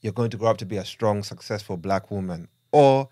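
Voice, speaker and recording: A man reading out a letter as a white English husband seeking advice, in a put-on Ugandan accent, slow and measured. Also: on the low side, mellow, no echo, studio quality, lightly acted. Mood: troubled. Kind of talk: reading a listener letter aloud.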